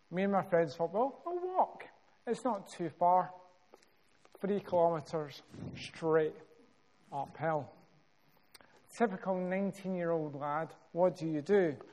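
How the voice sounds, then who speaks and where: A Scottish man preaching a sermon, telling a story with measured, dramatic pauses and building emphasis. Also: a little high, darkish tone.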